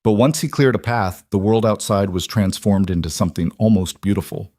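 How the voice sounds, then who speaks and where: A man reading a western story aloud in a measured, scripted narration. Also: on the low side, dark tone, dry recording, studio quality.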